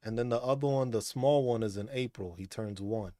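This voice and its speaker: A man's voice: lowish voice, a little fast, warm tone, no echo, clean studio sound. A man hosting a casual chat stream, talking in a laid-back, profane way and laughing often. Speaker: streamer host.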